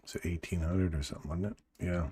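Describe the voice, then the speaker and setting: A man's voice: deep voice, fast talker, husky, dry recording. A man hosting a live trading stream in his groggy morning voice, musing and chatting casually with viewers as he reads the charts. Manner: relaxed, musing, chats to viewers.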